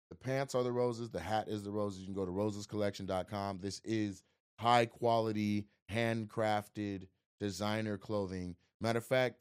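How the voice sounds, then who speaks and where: A man doing crowd work as a stand-up comedian and podcast host, talking loudly, laughing, and mimicking voices. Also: fairly low pitch. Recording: roomy live venue, crowd noise, far from mic.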